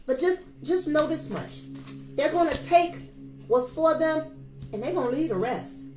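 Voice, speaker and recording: Woman in her fifties, tarot reader, preachy and emphatic, high voice, echoey room with soft music behind. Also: expressive, a little slow. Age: 50s. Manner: emphatic, preachy, addresses viewers as y'all. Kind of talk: casual tarot reading monologue.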